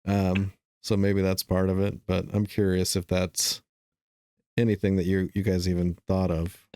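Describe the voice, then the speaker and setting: Deep smooth-voiced man in dry close sound. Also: level tone, moderate pace, warm tone, no echo. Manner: rambling, filler-heavy musing. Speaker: podcast co-host. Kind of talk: casual chat.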